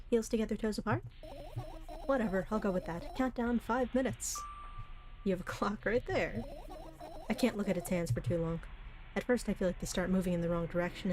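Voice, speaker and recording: A woman's voice: mid-range voice, a little hiss or hum. A woman streamer reading a visual novel aloud, breaking into chatty, giggly asides between the lines. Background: soft background music.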